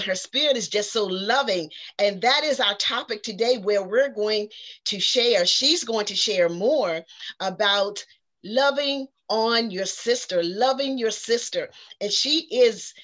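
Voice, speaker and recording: A woman hosting a show who introduces her guest with a steady stream of praise. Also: mid-range voice. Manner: effusive, full of praise. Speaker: host.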